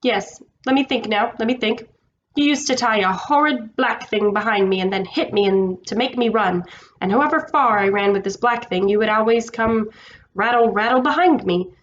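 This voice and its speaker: A woman voicing a slow, thoughtful talking horse in a storybook reading, dreamy and muddled. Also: on the high side, dull audio, slight background noise, natural voice. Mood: remembering.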